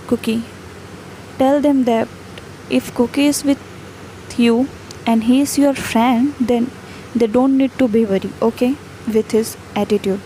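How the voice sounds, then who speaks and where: A woman with a mellow, slightly high voice reads a fan fiction story aloud. She keeps every speaker name and cue in one level, unhurried tone. A faint hiss sits under the recording. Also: poor audio. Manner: reads speaker names and cues aloud in an even, unvaried tone.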